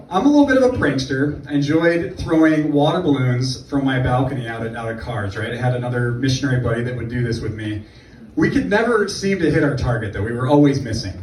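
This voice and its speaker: On a comedy club stage, a man with a medium-pitched voice runs a sarcastic stand-up set, telling rambling stories with asides. The sound is echoey and distant, carrying a little hiss or hum, and the audience laughs in the background.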